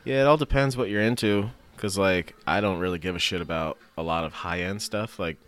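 A man's voice: deep voice, fairly quick, fairly bright tone, clear, resonant tone. A young man chatting casually, teasing his friend and swearing freely while they watch a movie. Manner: profane, teasing, joking. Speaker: co-host watching a film. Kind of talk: casual chat.

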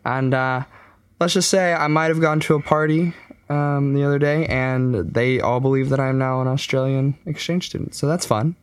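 A man's voice: mid-range voice, moderate pace, smooth. Young texas guy hosting, mid voice, chill and jokey, lots of slang. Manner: laid-back, joking, slangy. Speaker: host. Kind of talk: casual interview chat.

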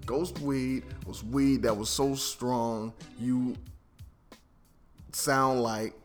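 Host type: man, slow easygoing delivery, faint music beneath. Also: mid-range voice. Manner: relaxed, hesitant, lots of ums. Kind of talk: casual countdown commentary.

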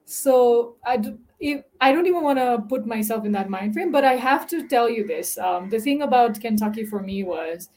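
A woman from Nepal, chatting as a podcast guest, animated and laughing often between filler-laden sentences. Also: a little high, moderate pace, few pauses. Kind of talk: casual interview chat.

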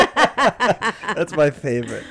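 Lively, gravelly podcast host man. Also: on the high side. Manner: laughing, quick asides. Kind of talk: casual chat.

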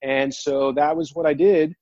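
Earnest man telling a story, halting. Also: fairly high pitch, steady tone, a little mellow, no echo, lo-fi sound. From New Jersey. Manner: earnest, halting, full of restarts and "like". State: near tears. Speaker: guest. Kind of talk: emotional personal storytelling.

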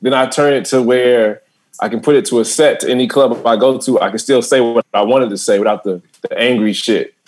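A man's voice: medium pitch, fairly quick. A man, a stand-up comedian, chatting as a guest and telling stories with frequent laughter and acted-out quotes. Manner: animated storytelling, frequent laughter, acts out quotes. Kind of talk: casual podcast chat.

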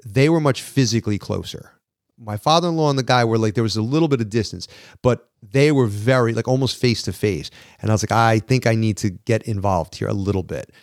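Podcast host, thirties, animated storyteller who voices his quotes, dry close sound. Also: lowish voice, no echo. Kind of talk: casual storytelling.

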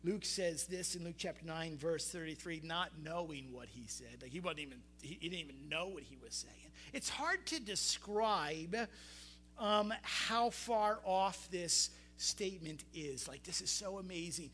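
Animated high-voiced male preacher. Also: measured pace, slight background noise. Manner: animated, talks to the congregation with questions and acted-out quotes. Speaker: pastor. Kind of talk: sermon.

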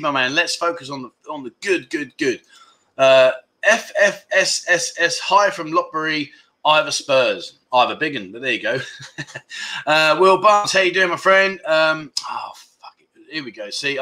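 A middle-aged man hosting a casual livestream chat, rambling and joking as he reads out viewer comments with quick asides. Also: on the high side, sharp tone. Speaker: livestream host.

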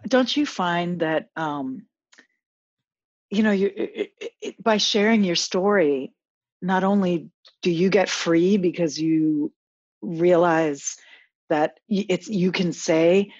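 A woman's voice: fairly low pitch, takes it slowly, a little mellow, no room sound, highs cut off. A woman coach talking as a podcast guest, earnest and reflective, often restarting her sentences. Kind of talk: casual interview chat.

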